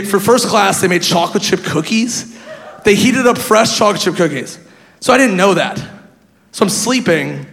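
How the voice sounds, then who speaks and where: A man doing stand-up, telling a story with animated laughter and sudden shouted bits. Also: sits high, vocal fry. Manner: animated, laughing, bursts into loud shouted impressions. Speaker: stand-up comedian. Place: comedy club stage. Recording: reverberant hall with faint crowd and noise.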